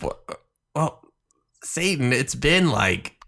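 A woman's voice: rumbling low, very animated, slow, gravelly, fairly bright tone. A woman in an improv comedy scene, defensive and exasperated as she argues. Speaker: improv performer.

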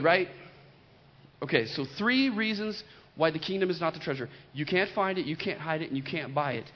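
A man's voice: fairly high pitch, slight background noise. A middle-aged man preaching a sermon as pastor, emphatic and repeating key lines, with joking storytelling asides. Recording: dull lo-fi recording in a reverberant hall.

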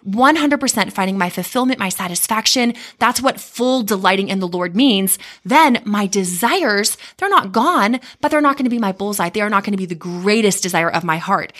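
Bright earnest woman podcast co-host. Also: medium pitch, expressive, normal speed, few pauses. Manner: earnest, teaching, quotes scripture often. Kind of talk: conversational Christian podcast talk.

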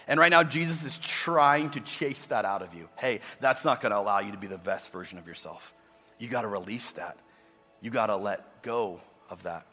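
Male pastor, conversational sermon, repeats words as he restarts, bright voice, large hall. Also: mid-range voice, brisk. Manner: conversational preaching with frequent restarts. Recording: long reverb with faint music.

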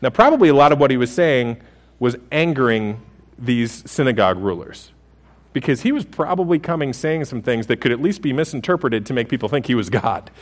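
A man's voice: medium pitch, expressive, fairly quick. A man in his thirties preaching a sermon as pastor, conversational and humorous, with frequent restarts.

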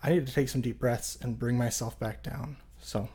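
A man in his thirties speaks as a podcast guest, earnest and reflective. His voice sits at a middle pitch, and he talks in a relaxed, unscripted way with frequent fillers. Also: normal speed, slightly rough. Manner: earnest, reflective, many "you know" fillers. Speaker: podcast guest, jail chaplain. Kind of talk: casual interview talk.

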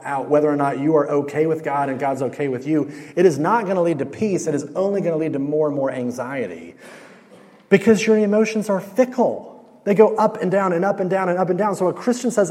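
A man in his thirties giving a relaxed, conversational sermon as a campus minister. He keeps asking the audience questions and uses lots of casual fillers. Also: fairly high pitch, a little fast. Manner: conversational, with lots of "like" and "you know". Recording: long hall reverb.

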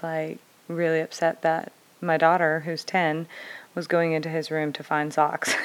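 A woman in her thirties, a parent, telling a personal story in a candid, conversational and reflective way. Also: low voice. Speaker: parent vlogger.

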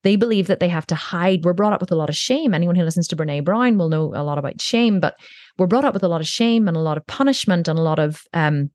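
A woman's voice: on the low side, quick pace, darkish tone, no echo. A woman guest on a podcast, talking candidly and telling stories with the odd swear word. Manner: candid storytelling, casual swearing. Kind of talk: conversational podcast interview. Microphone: own podcast microphone.

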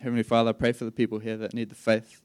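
A man's voice: fairly low pitch, monotone, rapid-fire, a little mellow, clean tone, no echo. A pastor closing a sermon with prayer, fervent and repeating words as he goes.

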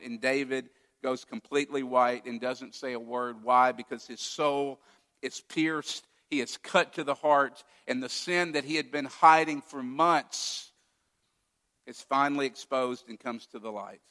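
Bright-voiced preacher man in a reverberant hall. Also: medium pitch, fairly even intonation, normal speed. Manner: storytelling preacher, acting out quoted lines. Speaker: pastor. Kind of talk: sermon.

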